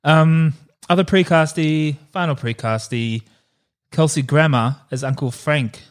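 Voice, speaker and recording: A man's voice: a little high, fairly even intonation, a little slow. A man co-hosting a podcast in casual chat, joking and rambling with fillers, says he is hungover. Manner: jokey, rambling with fillers and laughs. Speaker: podcast co-host.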